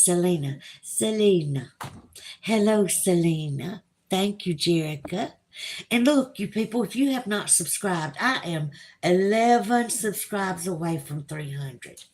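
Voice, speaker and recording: A woman's voice: on the low side, a little slow, a little mellow. A woman with a Southern US accent, hosting a casual livestream and reading viewers' comments aloud in a chatty, drawling way. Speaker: livestream host reading chat.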